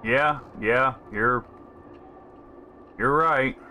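A man's voice: medium pitch, very slow, pushed and bright, a little hiss or hum. A man casually commentating his gameplay, thinking aloud in a laid-back way. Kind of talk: casual let's-play commentary.

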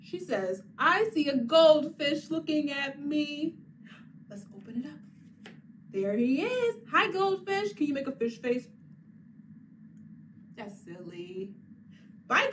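High, lively storytelling woman, slow and sing-song. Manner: sing-song, encouraging, talks to unseen children and makes animal sounds. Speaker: children's librarian. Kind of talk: reading a picture book aloud to young children. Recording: distant mic with faint background noise.

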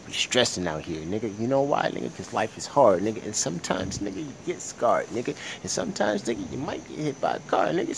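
A young man vlogging in a loose, profane rant. His voice swoops widely in pitch, dropping to a low mutter and then jumping to shouts. Faint ambient noise sits behind him. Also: sing-song, fairly quick, vocal fry, hardly any pauses. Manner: profane, swings from mumbling to loud shouting. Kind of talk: casual ranting vlog.

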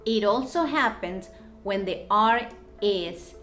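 A young woman giving a language lesson, saying each word twice with clear, careful enunciation before its English meaning. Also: mid-range voice, animated, takes it slowly, music in the background. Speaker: Spanish teacher.

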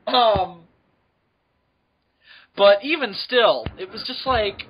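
A man's voice: high voice, slow, breathy edge, highs cut off. A man co-hosting a podcast in casual chat, enthusiastic and jokey, with some swearing. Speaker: podcast co-host.

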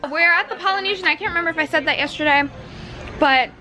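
A young woman vlogging a theme park day outdoors on a handheld camera, bubbly and squealing with excitement. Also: extremely high pitch, quick pace, low-quality recording. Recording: busy crowd and music behind. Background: crowd and music.

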